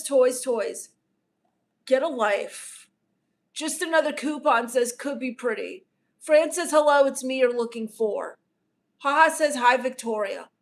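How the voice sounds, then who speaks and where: A woman playing a bratty, self-absorbed teenage livestreamer who reads viewer comments aloud in a snarky, dismissive way. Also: high-pitched. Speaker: comedian doing a livestream character. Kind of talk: improvised livestream comedy.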